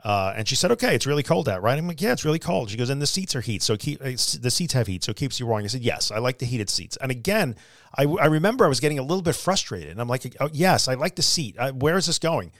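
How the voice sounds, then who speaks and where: A man's voice: medium pitch, big pitch swings, fast, dry recording, studio quality. Earnest man telling a personal story. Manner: conversational, earnest, with restarts and quoted dialogue. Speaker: podcast host.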